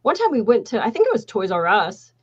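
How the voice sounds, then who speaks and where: A woman in her forties hosting a casual chat, telling animated, profane stories. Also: fairly high pitch, a little fast, breathy edge. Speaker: podcast host. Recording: dull lo-fi sound.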